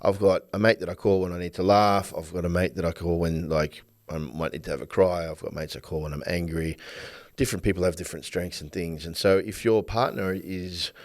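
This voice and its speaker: A man with a low-pitched voice hosts a relaxed podcast conversation. He talks in an easygoing way and slips into lively, acted-out lines when he quotes arguments between couples. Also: fairly quick. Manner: animated, acts out quoted arguments. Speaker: podcast host. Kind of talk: casual conversation.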